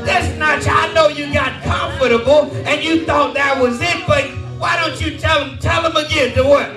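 A pastor preaching fervently, shouting and repeating phrases, calling out to his congregation for responses. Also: extremely high pitch, steady tone, moderate pace. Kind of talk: shouted call-and-response sermon. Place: large church hall. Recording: echoey church hall, voice from a distance, music behind.

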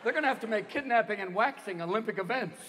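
Lively, high-voiced male comedian. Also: in a large hall. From United States. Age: 50s. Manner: rapid, animated, profane, jumps between voices. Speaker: stand-up comedian. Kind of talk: stand-up comedy. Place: large theater stage. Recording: live theater show with crowd noise.

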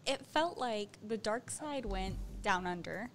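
A woman's voice: medium pitch, animated, unhurried, fairly bright tone, soft background music. A woman co-hosting a trivia game, making dry, teasing comments. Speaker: co-host commentator. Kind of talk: joking commentary.

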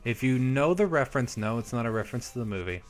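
A young man in casual gameplay commentary, chatty and upbeat as he talks viewers through his build. His voice sits at an ordinary middle pitch. Soft background music plays faintly under him. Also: lively intonation, fast talker. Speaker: Minecraft let's play host.

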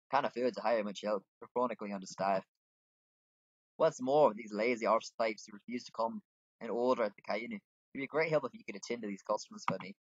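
A man voicing a gruff, blunt male tavern keeper in a put-on brogue, reading game dialogue aloud. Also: mid-range voice, no echo, natural voice. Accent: put-on Scottish-style brogue. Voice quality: rough, hearty, calls people laddie. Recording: dull lo-fi home mic.

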